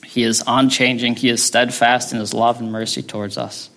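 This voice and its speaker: Guy preaching kind of chatty, gravelly voice, keeps saying right. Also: mid-range voice, level tone, moderate pace, a bit bright. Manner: conversational, tags lines with "right?". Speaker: pastor. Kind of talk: sermon.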